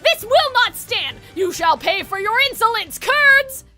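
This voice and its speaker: A woman voicing a loud, pompous young male knight from a game, indignant and formal. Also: very high voice, animated, measured pace, soft background music, exaggerated voice. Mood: outraged. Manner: indignant shouting, formal speech.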